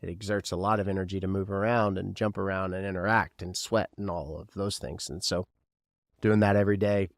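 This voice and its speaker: A man's voice: low-pitched, fairly even intonation, brisk, gravelly, no room sound, studio quality. A man from Kentucky hosting a podcast alone, rambling and joking and firing questions at the listener. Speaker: podcast host. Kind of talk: casual solo podcast chat.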